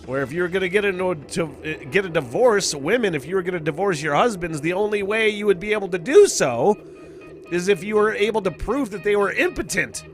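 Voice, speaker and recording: A male radio host talks in loose, rambling banter, dropping "uh" between thoughts. His voice sits a touch high for a man, with soft music faintly underneath. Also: animated, brisk. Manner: rambling, laughs easily, many "uh" fillers.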